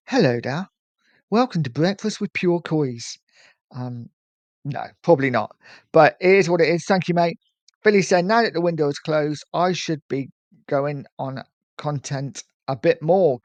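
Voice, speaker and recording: A friendly, chatty middle-aged man from England hosts a casual football live stream. His voice sits on the higher side and carries a slight lisp. The sound is dry and close. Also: moderate pace, no room sound. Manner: chatty, friendly, urges viewers to like and subscribe. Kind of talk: casual live-stream chat reading viewer comments.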